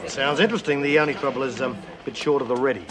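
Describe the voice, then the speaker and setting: A man's voice: mid-range voice, steady tone, very fast, a crowd in the background, natural voice. An actor playing a cocky, easygoing male newcomer to the prison with an Australian accent, friendly and laconic. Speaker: new inmate.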